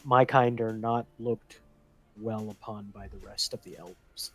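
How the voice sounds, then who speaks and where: Guarded drow adventurer voiced by a man, hushed sly asides, low-key tabletop character voice. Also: unhurried, a crowd in the background, lightly acted. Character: wary male drow adventurer, guarded and secretive.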